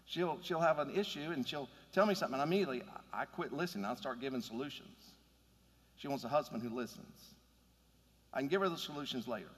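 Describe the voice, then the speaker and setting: Earnest preacher in a reverberant hall. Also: male voice, mid-range voice, fast, slightly rough. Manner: earnest, conversational preaching with rising emphasis. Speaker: pastor. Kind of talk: sermon.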